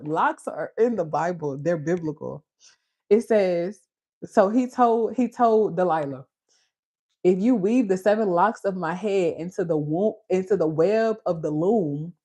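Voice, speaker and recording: A woman with a Caribbean Creole accent hosting a casual, animated Bible talk, with a husky voice and frequent laughter. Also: lowish voice, a little slow. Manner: animated, preachy, laughs often. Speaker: beauty channel host.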